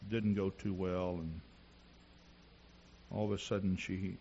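A man preaching a sermon in a church, telling personal stories and rising to shouts at the climax. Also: deep voice, steady tone, slow, lo-fi sound, slight background noise. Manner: storytelling preacher who builds to shouting.

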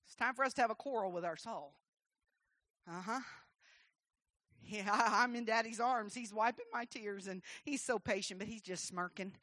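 A woman preaching a sermon, telling a childhood story in a soft voice and then rising into loud, shouted exhortation. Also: medium pitch, dry recording.

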